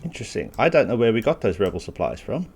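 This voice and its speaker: A man with a medium-pitched, sing-song, slightly rough voice and a darkish tone talks fast. He hosts a gaming channel and casually walks through a strategy game, thinking aloud and making self-deprecating asides while he has the hiccups.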